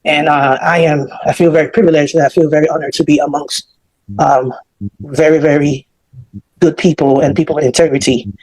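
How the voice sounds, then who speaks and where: A man's voice: fairly high pitch, fairly even intonation, fairly quick, a little mellow, breathy edge, no room sound, low-quality recording. A man out of breath, giving rambling prepared remarks as an official on an online call, with fillers and self-corrections. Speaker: government department official. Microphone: online call audio.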